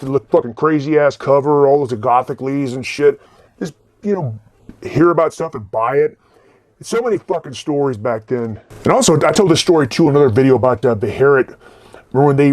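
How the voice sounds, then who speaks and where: A man's voice: mid-range voice, a little mellow, no echo. A man in his forties telling rambling, profane stories about record stores in a casual way. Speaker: vlogger and record collector. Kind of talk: casual storytelling.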